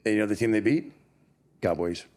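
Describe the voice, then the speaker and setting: A man's voice: on the low side, a little fast, darkish tone. A man from Detroit hosting a casual interview, bantering with his guest in an easygoing, joking way. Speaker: podcast host.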